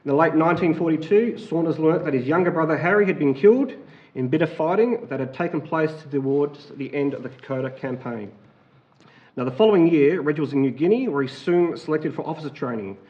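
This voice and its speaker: An Australian man addresses a council meeting in a halting, filler-laden manner. His voice sits fairly high. The recording is roomy and dull, picked up in a council chamber. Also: expressive. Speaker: council chair.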